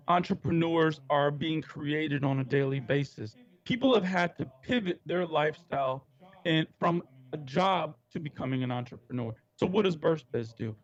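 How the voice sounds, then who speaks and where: A man joins the show over a remote connection, and his audio comes through dull and muffled. His voice sits slightly high, and he delivers an earnest, practiced pitch. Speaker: guest. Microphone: remote call.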